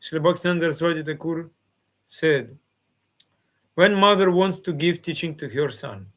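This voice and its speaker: A man's voice: fairly high pitch, moderate pace, fairly bright tone. A man giving a devotional class in simple, non-native phrasing, often acting out the replies of his listeners. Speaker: spiritual teacher.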